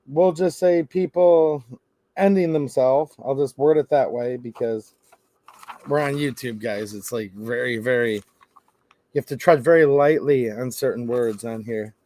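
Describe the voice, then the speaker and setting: A middle-aged man hosts an opinionated commentary, animated, with sarcastic asides and acted-out quotes. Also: medium pitch, no room sound. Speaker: gun-rights channel host.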